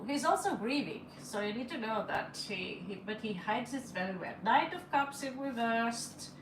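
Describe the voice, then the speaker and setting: A woman who does not speak English as her first language, chatting and laughing as she reads tarot cards aloud on a live stream, in slightly broken English. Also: high voice. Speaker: tarot reader. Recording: echoey room with faint ambient noise.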